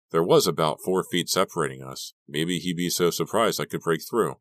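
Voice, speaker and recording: Super deep voiced guy reading an audiobook, steady storytelling, dry close mic. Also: normal speed, dry recording. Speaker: audiobook reader. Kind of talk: scripted first-person narration.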